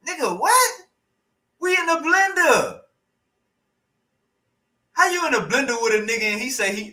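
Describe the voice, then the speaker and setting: A man hosting a livestream, reacting to a debate clip in loud, profane, mocking commentary that keeps repeating phrases. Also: extremely high pitch, expressive, unhurried, pauses often, reverberant, low-quality recording. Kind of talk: casual live reaction commentary.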